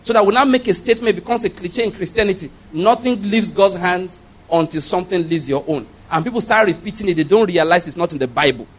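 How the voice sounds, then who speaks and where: High-pitched man preaching emphatically. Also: quick pace, breathy edge. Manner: emphatic, rhetorical call-and-response questions; repeats key phrases for emphasis. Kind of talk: sermon.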